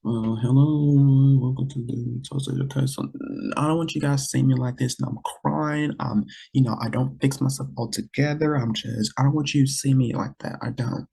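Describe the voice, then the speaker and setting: A man's voice: medium pitch, steady tone, fairly quick, vocal fry, few pauses, a little mellow, slightly rough. A man hosting his own podcast, talking to listeners in an earnest, rambling way, often repeating words and restarting. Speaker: podcast host. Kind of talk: casual solo podcast talk.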